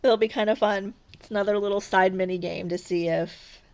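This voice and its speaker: A woman's voice: mid-range voice, steady tone, a little fast, a little mellow. A woman vlogging casually as she cross-stitches, rambling and chatty, often laughing at herself. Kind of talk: casual stitch-along chat.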